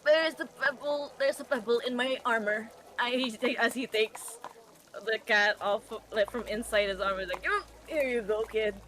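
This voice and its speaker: A woman playing a tabletop game, giggly and animated. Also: fairly high pitch, normal speed, noisy background. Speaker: player.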